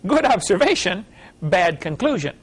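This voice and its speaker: A middle-aged man with a fairly high voice gives a folksy lecture. He tells his stories in an animated, playful way. He lets small chuckles slip in at his own jokes. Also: moderate pace, husky. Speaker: creationist speaker.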